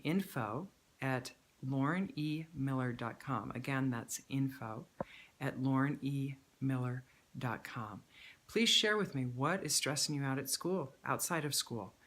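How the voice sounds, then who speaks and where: Calm woman coach reciting tapping affirmations. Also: extremely low pitch. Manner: calm, repetitive, speaks affirmations while tapping. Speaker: stress management coach. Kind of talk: self-help tutorial with spoken affirmations. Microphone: handheld camera at arm's length.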